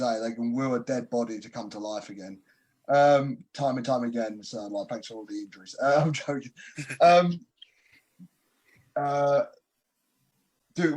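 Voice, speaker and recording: A man's voice: mid-range voice, darkish tone. A man answering interview questions casually, cocky and joking, with slangy talk. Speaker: wrestler, interview guest. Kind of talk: casual press call answers.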